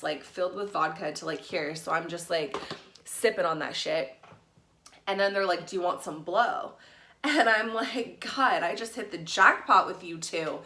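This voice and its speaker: A woman's voice: lowish voice, a little slow, roomy sound. Candid, profane young woman vlogger. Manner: candid, profane, animated retelling. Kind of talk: casual storytelling to camera.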